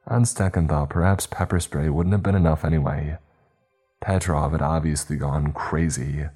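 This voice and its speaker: A man reading a first-person story aloud in a steady, measured way. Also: a bass voice, husky, soft background music. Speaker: narrator.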